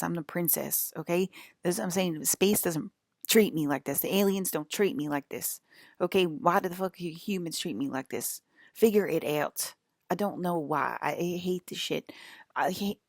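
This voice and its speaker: Woman vlogger, low and gravelly, rambling and swearing a lot, annoyed, dry close sound. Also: no echo. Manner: profane, irritated rant. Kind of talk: rambling monologue.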